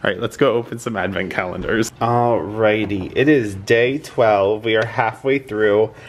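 Guy vlogging at home, lowish voice, super chatty, says "like" a lot. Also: measured pace, slight background noise. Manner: chatty, fills talk with "like". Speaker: vlog host. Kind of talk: casual home vlog chat.

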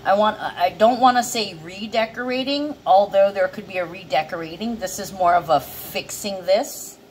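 A woman's voice: medium pitch, normal speed, low-quality recording. Chatty woman reading tarot over hum. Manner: chatty and emotional, swearing freely. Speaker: tarot card reader. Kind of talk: casual intuitive card reading.

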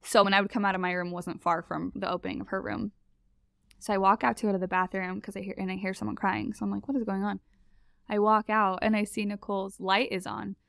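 A woman recounting a story as a podcast guest, chatty and animated, laughing often. Her mid-pitched voice has a strong vocal fry. She sounds close and dry, with no room around her. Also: quick pace, no room sound. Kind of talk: casual storytelling.

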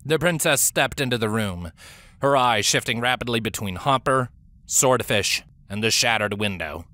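A man narrating a fantasy audiobook in an even storytelling manner. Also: mid-range voice, normal speed, no echo.

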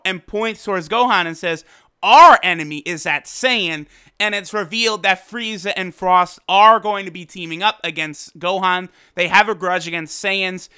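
A man giving a casual, excitable episode review, full of slang and fillers. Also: high voice, clear, resonant tone. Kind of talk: casual commentary.

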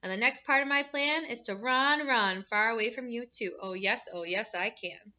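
A woman's voice: a little high, moderate pace, bright, forceful tone, lo-fi sound. A woman voicing a cheeky, boastful gingerbread cookie boy who chants taunting rhymes. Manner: taunting sing-song chant.

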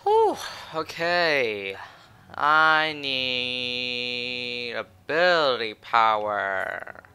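A man commentating his own match, swearing and swinging from low muttering to shouted taunts. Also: big pitch swings, extremely slow, clean tone. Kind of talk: raging gameplay commentary.

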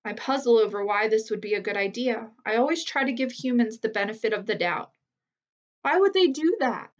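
A woman reading a children's novel aloud as a teacher, with steady, clear storytelling. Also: a little high, a little fast, recorded from a distance. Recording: slightly muffled lo-fi recording.

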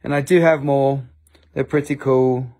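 An unhurried, warm, mid-range voice with a steady tone belongs to a man with an Appalachian American accent hosting a live-stream crystal sale. He rambles casually, jokes at his own expense and swears freely.

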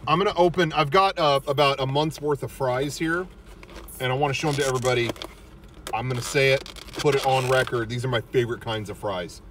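A man hosting a casual chat while eating in a car, excitable and cursing freely. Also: medium pitch, fairly quick. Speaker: host. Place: inside a parked car. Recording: distant mic in a car, faint noise.

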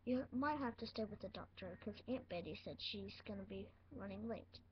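A woman speaking softly and reassuringly as a parent figure in a toy role-play. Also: a little high, moderate pace, hardly any pauses, muffled recording, noisy background.

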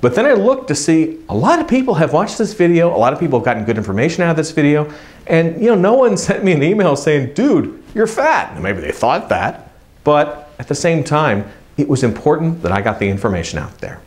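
A man's voice: a little high, big pitch swings, brisk. A middle-aged man hosting an advice show, talking to camera in a casual, friendly, encouraging way. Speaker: video coach and show host.

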